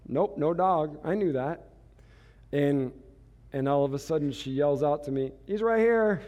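A man's voice: a little high, steady tone, unhurried, warm tone. A man giving a storytelling sermon as a pastor, chatty and self-mocking, laughing at himself.

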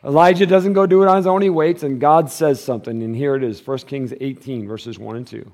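A male pastor preaching a sermon in a casual, conversational way, using slang, and swinging between loud, emphatic stretches and quiet, low passages. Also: fairly even intonation, a little fast.

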